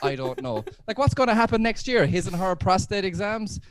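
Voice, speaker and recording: A man's voice: high-pitched, very animated, a little fast, noisy background. A man performing a stand-up comedy set from home over a video call. He chats along and laughs at his own jokes.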